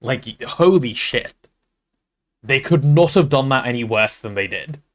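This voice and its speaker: Brief: male streamer, chatty and animated, swears casually, pitch swinging all over. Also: a little slow. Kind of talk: reading a novel aloud and chatting on stream.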